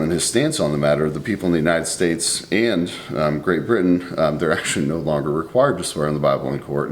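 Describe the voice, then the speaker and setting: Very deep-voiced man teaching the Bible. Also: slight background noise. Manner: reads scripture aloud, then explains it conversationally. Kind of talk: verse-by-verse Bible study talk.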